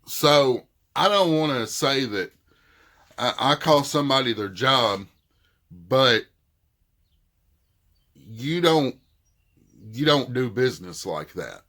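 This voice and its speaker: A man's voice: mid-range voice, animated, slow, pauses often, fairly bright tone. A middle-aged man with a thick Southern accent, casually retelling a dispute and quoting what each side said. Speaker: vlogger. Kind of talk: casual storytelling.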